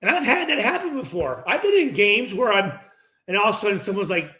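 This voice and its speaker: A man's voice: high voice, brisk. A middle-aged man hosting a post-game reaction, ranting casually and profanely and acting out the dialogue himself. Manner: profane, animated, acts out dialogue. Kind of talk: casual unscripted rant. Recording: roomy echo.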